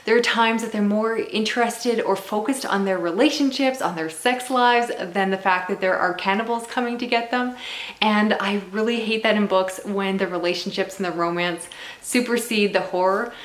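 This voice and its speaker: A young woman vlogging about what she is reading, casual and animated, with strong reactions. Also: mid-range voice, normal speed, reverberant. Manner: animated, exasperated ranting. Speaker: book vlogger.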